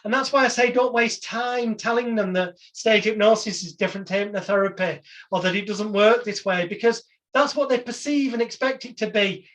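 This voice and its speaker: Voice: mid-range voice, moderate pace, fairly bright tone. This is a hypnotherapy trainer running a live online lesson, talking to the class plainly and informally. Now and then the trainer breaks into snatches of hypnotic patter to show how it sounds. The sound comes through a video-call connection. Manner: conversational, demonstrating voice tones with hypnotic patter.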